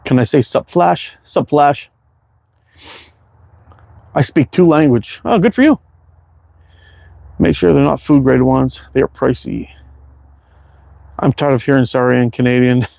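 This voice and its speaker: A man's voice: medium pitch, steady tone, unhurried, creaky, pauses often, a little mellow, no room sound. A man hosting a casual livestream from his backyard, reading viewer chat in an easygoing, rambling way with plenty of fillers. He sounds tired and worn out. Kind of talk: casual live chat while target shooting.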